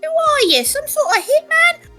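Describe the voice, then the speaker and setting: Casting: woman doing a high, squeaky, scared young woman in a game. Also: sing-song, unhurried, bright, forceful tone, soft background music, exaggerated voice. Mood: alarmed.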